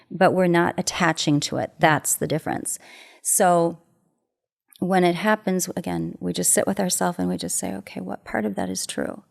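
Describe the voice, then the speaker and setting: Gentle and earnest, this middle-aged woman, a relationship expert who works as a matchmaker, shares a heartfelt story and repeats phrases to stress them. Her voice is on the low side, with vocal fry.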